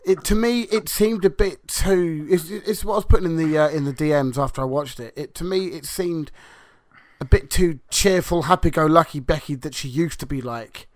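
A man's voice: a little high, moderate pace, no room sound. Hesitant man on a dry mic. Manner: hesitant, restarts, thinking aloud. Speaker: podcast co-host. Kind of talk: casual wrestling podcast banter.

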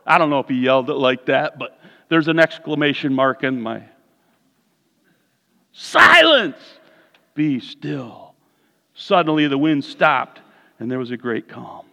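A man preaching a sermon as pastor, animated, swinging from hushed lines to loud ones. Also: mid-range voice, normal speed, lo-fi sound. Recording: reverberant hall.

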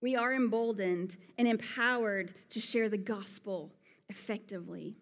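A woman from Alabama with a Southern accent preaches a sermon in an earnest, conversational way, sprinkling in folksy asides. Her voice is medium-pitched and moderately paced, and the recording has long hall reverb.

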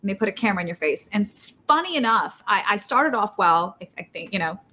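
A woman guest telling a story in a casual, animated way, jumping up in pitch when she acts out quotes and talking fast with many restarts. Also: slight background noise. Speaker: poker player.

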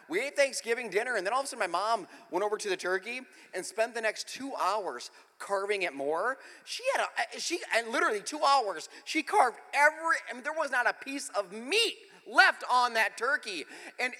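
Man preaching, high bright voice, swoops up and down, jokey story-driven sermon, reverberant hall. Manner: animated, joking, self-deprecating. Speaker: pastor. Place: church in the speaker's home city.

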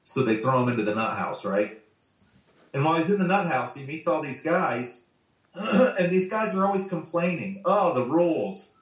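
A man's voice: fairly high pitch, expressive, normal speed. Ranting, profane man on a roomy call. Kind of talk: casual video-call conversation. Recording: roomy sound, distant from mic.

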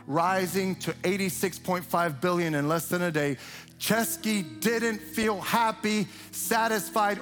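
An older male pastor delivers a sermon in a loose, talky manner. His voice sits a little high for a man. Now and then he jumps up into a shrill voice to mimic cheering parents, while soft music plays in the background. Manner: conversational preaching with sudden high-pitched mimicking of cheering parents. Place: church sanctuary.

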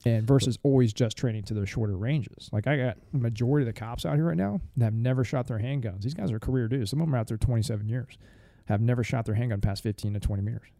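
A man's voice: mid-range voice, fast, gravelly, hardly any pauses, warm tone, no room sound. A middle-aged man, a firearms instructor, telling blunt, profane stories in a casual podcast chat. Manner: blunt, profane, rambling with restarts. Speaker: firearms instructor and former Marine.

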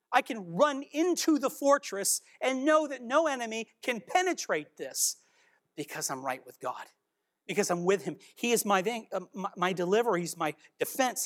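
Animated woman giving a devotional. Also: mid-range voice. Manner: earnest, exhorting, asks listeners questions. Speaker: bible teacher. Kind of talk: devotional teaching.

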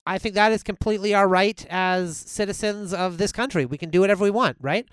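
Male comedy host, improv sketch, keen and emphatic, smooth voice, dry close sound. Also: high-pitched, brisk, dry recording.

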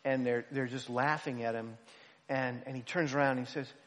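A man, a pastor, telling a self-deprecating story in an animated, humorous way. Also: medium pitch, moderate pace, a little hiss or hum. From United States. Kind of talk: storytelling sermon. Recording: long hall reverb.

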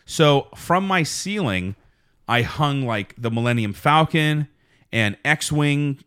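A man hosting a podcast in casual chat, rambling with many restarts and fillers, putting on a deep radio-style voice. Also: lively intonation, slow pace, a bit bright, clear, resonant tone. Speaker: podcast host. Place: small home studio.

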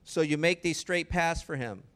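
A man's voice: fairly high pitch, moderate pace, fairly bright tone. A man preaching a sermon in a conversational way, often asking the listeners rhetorical questions.

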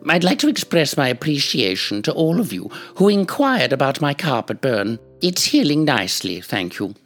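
A woman voicing a grand elderly British dame who reads smutty fiction in a prim, deadpan way. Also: low-pitched, moderate pace, soft background music. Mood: prim reading. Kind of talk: comedy sketch reading.

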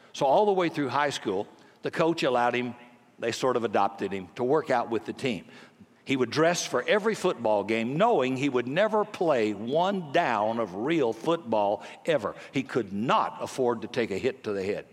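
Animated older preacher in a reverberant hall. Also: male voice, mid-range voice. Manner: animated, swings from hushed to emphatic. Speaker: pastor. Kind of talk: storytelling sermon.

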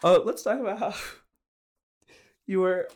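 A young man hosting a casual comedy podcast, rambling through halting restarts and trailing asides. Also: high-pitched. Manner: rambling, halting restarts, trailing "you know what I'm saying". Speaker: podcast host.

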